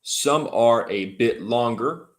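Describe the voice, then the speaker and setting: A man teaching English on a livestream, who talks slowly and repeats words for his learners. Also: mid-range voice. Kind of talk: livestream language lesson.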